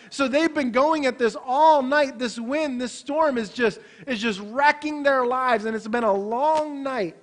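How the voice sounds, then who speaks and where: High-voiced, animated male preacher. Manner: animated, swings between loud emphasis and hushed low delivery. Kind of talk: sermon.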